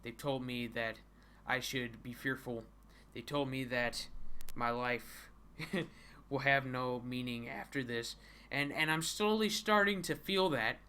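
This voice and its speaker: A man's voice: medium pitch, slow pace, pushed and bright, a little hiss or hum. A man live-streaming himself reading a comic, talking casually with stammering repetitions, frequent giggles and mock-dramatic dread.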